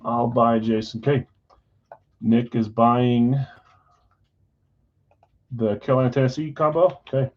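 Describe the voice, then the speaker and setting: A man's voice: medium pitch, little pitch movement, highs cut off. Chatty man hosting a live card break. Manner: chatty, reads out names and teams in quick lists.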